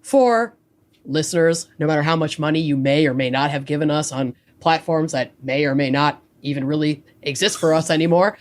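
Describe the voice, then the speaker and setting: A Minnesota woman co-hosts a true crime podcast in casual chat, blunt, emphatic and swearing a lot. Her low voice is a little mellow, and she speaks briskly.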